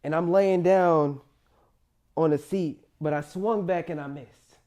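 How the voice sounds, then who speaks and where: A young man telling his own life story as a monologue, rising loud in places and sinking quiet in others. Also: a little high, unhurried. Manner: emotional, rises loud then drops quiet. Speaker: motivational storyteller.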